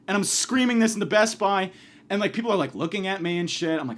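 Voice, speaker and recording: A man's voice: high voice, animated, quick pace, a bit bright. A man doing a comedic monologue, ranting angrily and profanely, acting out the people he quotes.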